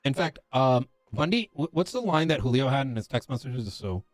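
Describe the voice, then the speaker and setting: A man's voice: mid-range voice, very animated, moderate pace, no room sound, faint music behind. A man playing a police officer in a roleplay game, talking in character in an earnest, lecturing way, stopping often with fillers.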